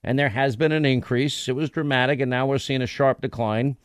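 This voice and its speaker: A man's voice: mid-range voice, fairly even intonation, fairly quick, dry recording, studio quality. A middle-aged man hosting a radio talk show, talking bluntly and rambling with many restarts. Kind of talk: casual talk radio monologue.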